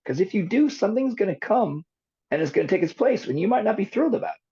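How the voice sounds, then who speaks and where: Brief: husky-voiced male psychologist, lively and expressive, dull lo-fi podcast audio. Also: high-pitched, fast. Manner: animated storytelling explainer. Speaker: psychologist guest. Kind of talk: podcast interview. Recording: dull lo-fi recording.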